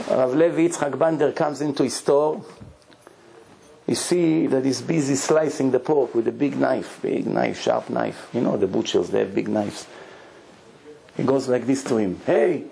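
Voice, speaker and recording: A man, a rabbi telling stories in a lively sermon and acting out the people in them. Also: medium pitch, a little slow, gravelly, long pauses, slight background noise. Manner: animated storyteller, acts out pleading and crying. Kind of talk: storytelling sermon.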